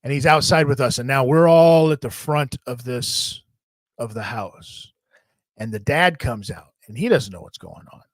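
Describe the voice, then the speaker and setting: A man in the middle of his range tells a wild story in a loose, rambling way, swearing freely and getting animated. His voice sits close and dry, with no room around it. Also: mid-range voice, moderate pace, no echo. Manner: rambling, profane, animated retelling. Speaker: podcast host. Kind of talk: casual storytelling.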